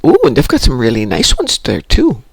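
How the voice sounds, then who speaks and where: Man, casual host chat, gravelly voice, lively pitch, dry close sound. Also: brisk, dry recording. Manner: chatty, animated storytelling. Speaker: stream host.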